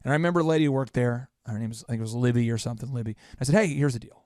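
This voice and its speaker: A man hosting a podcast, telling a story in a quick, animated, self-mocking way. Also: medium pitch, no echo, clean studio sound. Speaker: podcast host. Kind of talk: storytelling in casual chat.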